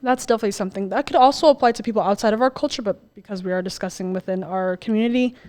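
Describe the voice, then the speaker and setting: Young woman co-host, casual storyteller, average pitch, heavy filler words. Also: racing, warm tone. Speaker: podcast co-host. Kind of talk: casual podcast chat.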